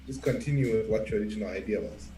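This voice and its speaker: A man's voice: fairly low pitch, quick pace, mellow, reverberant, recorded from a distance, rough recording. Playful man co-hosting a chess stream. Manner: playful, teasing, talks to the chat. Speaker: chess co-host. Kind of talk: live-streamed chess lesson.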